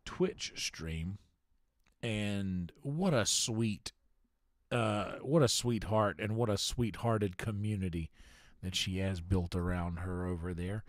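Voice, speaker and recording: A man's voice: lowish voice, takes it slowly, dry recording, studio quality. A male game streamer chatting to his live viewers in a theatrical, mock-formal put-on accent.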